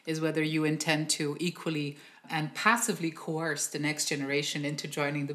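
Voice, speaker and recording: A woman's voice: deep voice, level tone, brisk, hardly any pauses, heavy background noise. A woman hosting an interview podcast, asking questions in a chatty, playful manner. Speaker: podcast host. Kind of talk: interview host.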